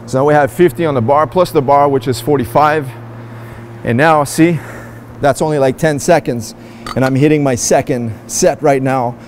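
In an indoor gym, a fitness vlogger with a mid-range voice at normal speed demonstrates and explains a workout. He coaches upbeat, speaking straight to his viewers, over a slight hiss or hum.

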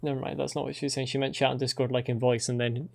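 A young man chatting casually on his stream, relaxed as he explains things to his viewers. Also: mid-range voice, rapid-fire, vocal fry.

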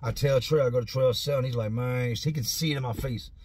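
A man telling a profane, animated story about his own past in a casual, conversational way. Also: mid-range voice, quick pace, slightly rough, no room sound. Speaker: vlogger telling prison stories.

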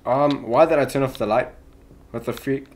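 A man's voice: mid-range voice, moderate pace, slight background noise. Jumpy young man commentating horror games. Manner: jumpy, yelps and shouts at scares, says "yo" a lot. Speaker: gaming youtuber.

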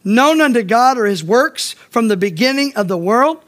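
Man, pastor, very high voice, emphatic sermon, repeats points, questions the congregation. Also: animated, normal speed, fairly bright tone. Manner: preaching with emphatic repetition and direct questions to the congregation. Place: church.

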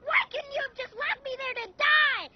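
Brief: squeaky vulgar parrot, cocky and taunting, dull film sound. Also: male voice, animated, moderate pace, a little hiss or hum. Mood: despairing. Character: crude foul-mouthed male parrot, cocky.

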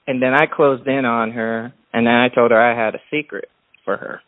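A male caller tells a long, rambling story in a relaxed way. His voice is mid-pitched and dry. It comes through a narrow, phone-like line. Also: moderate pace, no room sound. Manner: rambling, relaxed, full of restarts. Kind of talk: casual storytelling on a call-in show.

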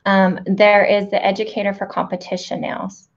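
A woman's voice: medium pitch, level tone, moderate pace. Woman host, direct, instructive, dull lo-fi recording. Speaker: host, nail educator. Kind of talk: interview with teaching asides. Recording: dull, lo-fi audio.

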